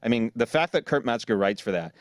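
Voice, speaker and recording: Blunt, lively man hosting a podcast. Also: mid-range voice, fast talker, dry recording. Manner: profane, blunt, sarcastic. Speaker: podcast host. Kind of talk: casual podcast chat.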